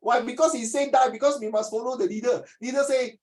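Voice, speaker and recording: A man's voice: very high voice, steady tone, fast, hardly any pauses, low-quality recording. A man with a Singaporean English accent tutoring a class, teasing his students and then lecturing them seriously.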